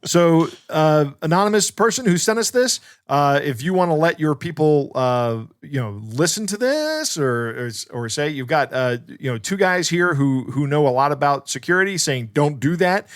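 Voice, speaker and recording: Chatty co-host man, bright dry sound. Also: fairly high pitch, big pitch swings, moderate pace, few pauses, no room sound. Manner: storytelling, many restarts. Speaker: podcast co-host, security expert. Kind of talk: casual chat.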